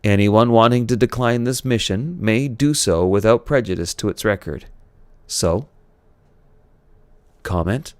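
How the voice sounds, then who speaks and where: A man's voice: on the low side, unhurried, long pauses, clean tone, dry recording, lightly acted. A man voicing a firm Captain Kirk. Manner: firm, raised, commanding delivery. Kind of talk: audiobook character reading.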